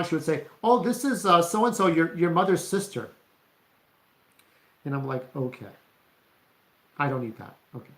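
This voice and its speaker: A man's voice: a little high, fairly bright tone. A man delivering a rambling, profane rant to camera as a vlogger, often checking in with "okay?". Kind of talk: ranting monologue to camera. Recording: roomy echo.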